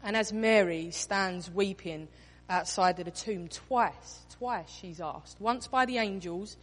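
A woman's voice: mid-range voice, takes it slowly. A woman preaching a sermon, telling the story expressively and acting out quoted lines in different voices. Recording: reverberant hall.

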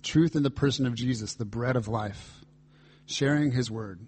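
Husky-voiced man preaching earnestly. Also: mid-range voice, normal speed, darkish tone. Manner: earnest, reflective preaching with quoted dialogue. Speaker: pastor. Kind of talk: sermon.

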